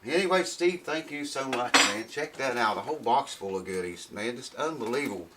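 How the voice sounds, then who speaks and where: A man's voice: mid-range voice, expressive, fairly quick, very noisy. A man chatting casually on his guitar repair vlog while unboxing parts, rambling and thinking aloud in a folksy way.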